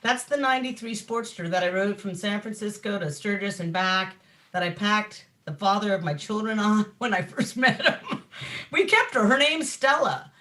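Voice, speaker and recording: A woman guest on a talk show chatting casually about her bikes, animated and swearing freely, laughing often. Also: medium pitch, moderate pace. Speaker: guest, map company founder. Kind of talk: casual chat.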